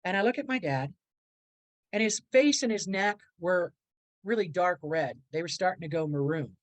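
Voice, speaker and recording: A woman's voice: on the low side, lively intonation, normal speed, no room sound, rough recording. Middle-aged woman telling an emotional story. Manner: rambling, acts out quoted voices, earnest. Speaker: podcast guest, motivational speaker.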